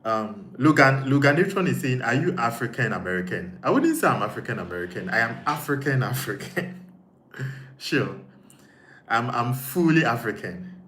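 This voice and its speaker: A Ghanaian-accented man hosts a casual live stream, reading out viewer comments and thinking aloud, often repeating himself. His mid-range voice is very animated and fairly bright, at a normal speed. The room is echoey, with faint background noise.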